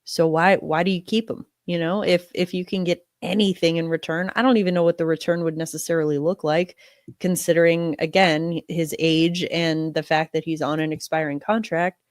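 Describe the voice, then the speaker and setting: A woman's voice: deep voice, little pitch movement, moderate pace, no echo, clean studio sound. A young woman hosting a casual sports podcast, sounding nasal from a cold and talking in a chatty way, with many fillers and restarts. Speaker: podcast host.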